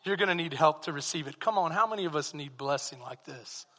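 A man with a Texan accent preaching a sermon as pastor, swinging from quiet asides to fervent exclamations. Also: on the high side, expressive, fairly quick, big-room sound.

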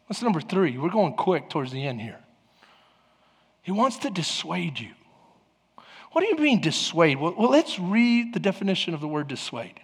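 Male pastor, husky and high-pitched, animated sermon delivery, reverberant hall. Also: moderate pace, long pauses. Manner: animated preaching, acting out voices of crowds.

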